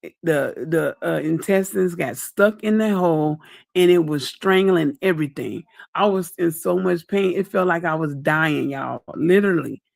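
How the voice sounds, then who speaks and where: A woman's voice: fairly low pitch, moderate pace, vocal fry, darkish tone, dry recording, clean studio sound. A woman hosting a casual livestream update, chatting at length with her viewers and calling them y'all and baby. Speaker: livestream host. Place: at home.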